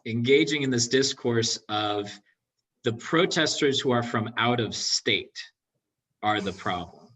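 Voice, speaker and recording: A man's voice: mid-range voice, measured pace, a bit bright, husky. A man in the audience making a comment in an academic Q&A, hesitant and full of fillers. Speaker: audience member asking a question. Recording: voice distant from the mic.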